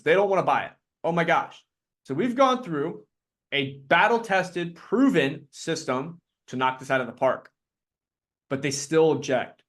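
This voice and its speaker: A man leading a live sales training talk, energetic and quick to act out his clients in put-on voices. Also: fairly high pitch.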